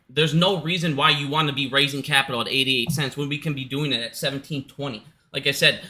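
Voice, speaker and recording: A man's voice: a little high, pushed and bright. A man from Minnesota giving casual, heated commentary at home, profane and repetitive, hot and out of breath. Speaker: stock market commentator. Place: his house.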